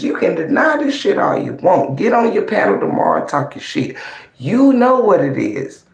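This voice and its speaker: Mocking profane ranter, gravelly voice. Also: medium pitch. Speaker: online commentator. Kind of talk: ranting livestream commentary. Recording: roomy echo.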